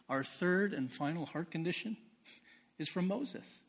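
A man preaching a sermon in a conversational way, reading scripture slowly and with emphasis. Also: on the high side, animated, slightly rough. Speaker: pastor.

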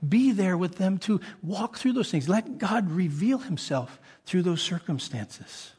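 A man's voice: sits high, lively intonation, unhurried, few pauses, a little mellow, husky. Earnest male pastor preaching. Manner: earnest preaching with rhetorical questions. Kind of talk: sermon.

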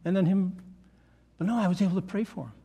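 An older pastor preaches in a high, light voice. He talks earnestly and repeats key lines to drive them home, as in a sermon to his congregation. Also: fairly even intonation, fast, warm tone, slightly rough. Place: church meeting room.

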